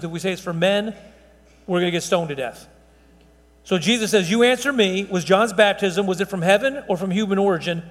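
A man's voice: high voice, in a large hall. A man preaching a conversational Bible-teaching sermon, emphatic, with fillers and restarts. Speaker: pastor.

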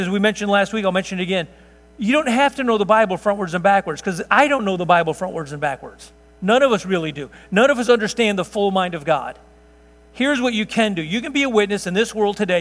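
A man's voice: high voice, a bit bright, long reverb tail. A male pastor, preaching a sermon in a folksy, conversational way with homespun asides, in a church sanctuary.

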